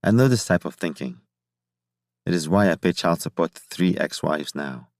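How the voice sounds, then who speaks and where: A jovial, fatherly older scientist with a rich laugh behind his words, teasing a younger colleague in an audiobook scene, as a male narrator puts him on. The voice sits low and close, with a dry, dead studio sound. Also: expressive, unhurried, darkish tone, no room sound.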